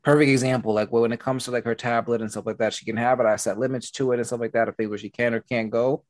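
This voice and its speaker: A man's voice: mid-range voice, fairly even intonation, fast. A man hosting a casual conversation, rambling along and often asking "you know what I mean".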